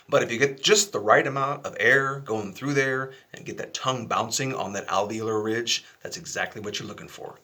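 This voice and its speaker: A man giving a casual, chatty flute lesson, relaxed and a little self-deprecating. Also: medium pitch, normal speed, hardly any pauses. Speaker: flute teacher.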